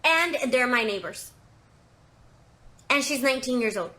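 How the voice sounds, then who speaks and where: Bright, chatty young woman telling a story. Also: high voice, lively intonation, a little slow. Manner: chatty, dramatic, many fillers. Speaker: confession storyteller. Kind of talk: casual first-person storytelling.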